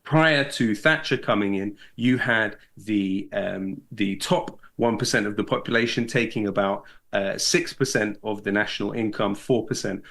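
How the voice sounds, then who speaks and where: Guy guesting on a talk show, fairly low voice, calm and articulate, lots of ums. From Britain. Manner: measured, articulate, with frequent ums and uhs. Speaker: guest, hip-hop artist and podcast host. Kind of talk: political analysis in an interview.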